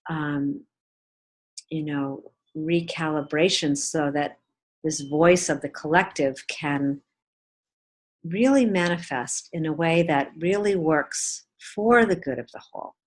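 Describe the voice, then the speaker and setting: A woman's voice: sits low, takes it slowly. Rambling woman on a video call. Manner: rambling, full of fillers and restarts. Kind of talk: casual online group check-in.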